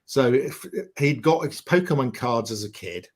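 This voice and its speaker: A man's voice: medium pitch, expressive, normal speed. A man chatting casually on a geek talk stream, telling stories with plenty of fillers like um and you know. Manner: chatty storyteller, lots of fillers. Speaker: panelist on a geeky chat stream. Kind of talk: casual chat.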